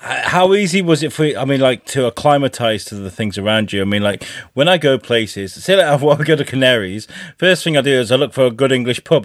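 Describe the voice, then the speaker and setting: A relaxed man co-hosting a podcast. He asks his questions casually and laughs easily. His voice sits at a middle pitch, recorded dry and close. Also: no echo. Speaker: podcast co-host. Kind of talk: casual chat.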